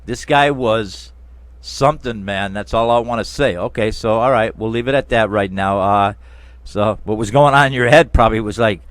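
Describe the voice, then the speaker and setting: A man's voice: fairly low pitch, normal speed, a bit bright, dry recording. Emphatic man hosting an interview. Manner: emphatic, addresses listeners as friends and folks. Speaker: interview show host. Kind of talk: casual interview.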